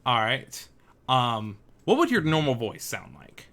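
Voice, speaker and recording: A man running a tabletop game as game master, narrating with many pauses and restarts. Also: mid-range voice, wildly swooping pitch, gravelly, pushed and bright. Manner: hesitant, full of ums and restarts.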